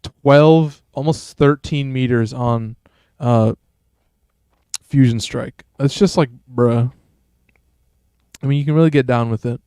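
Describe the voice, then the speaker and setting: A man's voice: mid-range voice, slow pace, pauses often, mellow, clean tone, no echo, clean studio sound. A man streaming a game, chatting casually and rambling in a laid-back, slangy way. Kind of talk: casual gameplay commentary.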